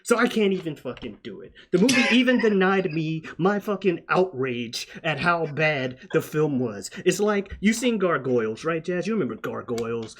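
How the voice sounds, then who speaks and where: A man hosting a casual movie-review podcast, ranting loudly and swearing often. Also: on the high side, normal speed, few pauses. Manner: profane, animated ranting. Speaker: podcast host.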